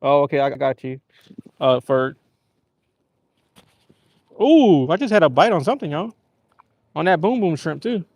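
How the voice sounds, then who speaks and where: A man with a slightly higher voice rambles casually through a story while fishing from a kayak on a lake. His voice sounds dry and close, with hardly any echo around it. He tells stories in a relaxed way and laughs easily. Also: unhurried, pauses often. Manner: rambling, laid-back storytelling with easy laughs. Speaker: fishing livestream host. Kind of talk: casual live-stream chat.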